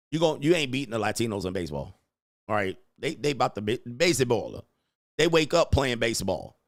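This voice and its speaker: A man's voice: mid-range voice, a bit bright, no room sound, clean studio sound. A man in his forties hosting a casual commentary monologue, riffing in crude slang and laughing often. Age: 40s. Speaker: host.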